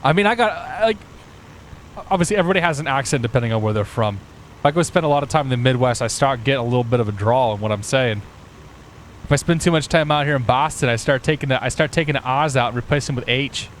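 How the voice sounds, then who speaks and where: A man's voice: mid-range voice, quick pace, slight background noise, poor audio. A man streaming a flight simulator, chatting casually with viewers and thinking aloud.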